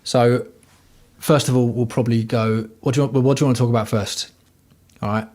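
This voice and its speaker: Man, livestream host, foul-mouthed, rambling, chatting from home, average pitch. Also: fairly even intonation, brisk, darkish tone. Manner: profane, blunt, rambling. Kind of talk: casual rambling livestream chat.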